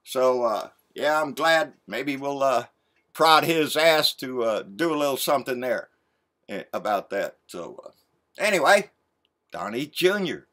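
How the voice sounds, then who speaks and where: A man's voice: medium pitch, lively intonation, measured pace, fairly bright tone. A man delivering a blunt, profane, folksy political rant as a vlogger.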